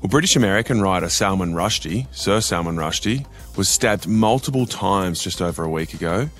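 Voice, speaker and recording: A man's voice: sits low, expressive, brisk, a bit bright, faint music behind. A young Australian man hosting a news podcast, chatty and upbeat. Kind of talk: casual news podcast chat.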